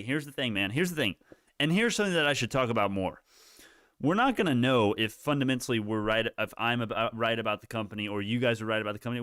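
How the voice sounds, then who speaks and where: A man hosts a live market stream, talking through price moves as they happen. He rambles, restarts sentences and swears casually. His voice is smooth and clear, with a dry, close sound and no room echo. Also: medium pitch, a bit bright. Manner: rambling, self-correcting, profane. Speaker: livestream stock market host.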